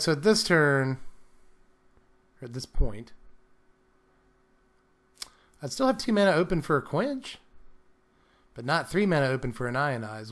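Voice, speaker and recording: A man's voice: mid-range voice, a bit bright. A young man giving casual, playful commentary on a card game, laughing often and sometimes slipping into a mock British accent. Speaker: gameplay commentator.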